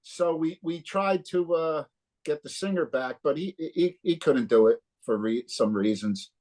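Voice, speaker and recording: Here a fifties-aged man from New Jersey, the guest guitarist, talks in a higher-than-average voice at a measured pace. His casual interview anecdotes come alive as he acts out each line of dialogue, swearing a lot along the way.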